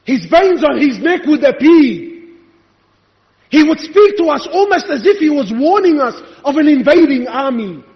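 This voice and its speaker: A male preacher delivers an impassioned, rhetorical sermon that challenges his listeners, his very high-pitched voice expressive and at normal speed. The sound is dull and lo-fi, captured in an echoey hall.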